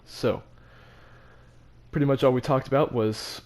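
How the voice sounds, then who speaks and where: A teenage boy tells a personal story in a loose, casual way. His voice sits at an ordinary middle pitch. He laughs between phrases and often restarts his sentences. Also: steady tone, unhurried, a little mellow. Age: teens. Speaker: vlogger.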